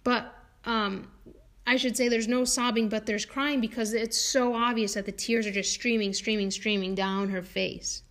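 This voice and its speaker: A woman's voice: on the high side, steady tone, normal speed, fairly bright tone. A woman, a homeopath, talking casually and chattily, with many fillers and restarts, and laughing now and then. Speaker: homeopath and podcast guest. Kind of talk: casual conversational talk.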